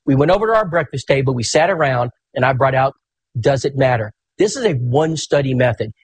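A man, preaching in a folksy, animated storytelling sermon. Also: mid-range voice, fast talker, slightly rough, no echo.

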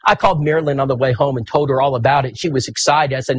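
A man, preaching in a folksy, animated storytelling sermon. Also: medium pitch, fast, hardly any pauses, husky.

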